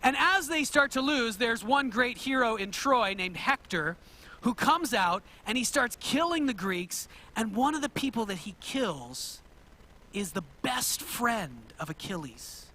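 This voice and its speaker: Male pastor, very high voice, bright and forceful, lively storytelling sermon, asks the congregation questions. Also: a little slow. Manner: animated storytelling, retelling myths to a congregation.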